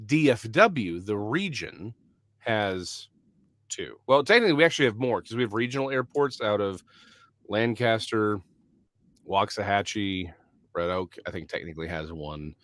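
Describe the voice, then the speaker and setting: A man's voice: lowish voice, animated, normal speed, fairly bright tone, dry recording. A man from Texas in casual banter with a friend, laid-back and joking. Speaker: podcast co-host. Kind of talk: casual chat.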